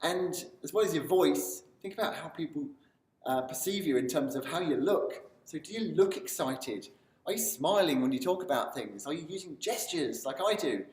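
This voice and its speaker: A man's voice: a little high, moderate pace. A man giving an enthusiastic motivational talk to camera in a video series. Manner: enthusiastic, building excitement as he talks. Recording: roomy sound from a distance.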